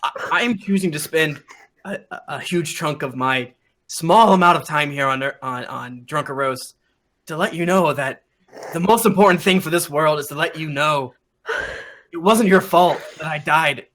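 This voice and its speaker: A dead king's ghost, played by a man running a tabletop game, chatting like an easygoing friend with plenty of swearing. The voice sits a bit high and sounds bright and forward. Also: normal speed, close to an everyday voice. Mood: earnest. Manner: laid-back, swearing buddy talk. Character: ghost of a dead male king, casual and crude. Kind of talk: tabletop role-play character voice.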